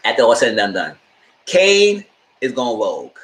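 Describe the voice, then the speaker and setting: A man giving a casual live stream recap of a TV show, retelling scenes in a lively way and acting out what the characters say. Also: mid-range voice, moderate pace, echoey room. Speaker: TV show reviewer.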